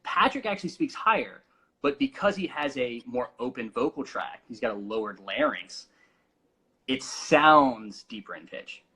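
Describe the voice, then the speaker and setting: Young male vocal coach, casual teacher with lots of ums, bright edge, a little husky. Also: mid-range voice, expressive, normal speed, poor audio. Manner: explains with demonstrations, many fillers.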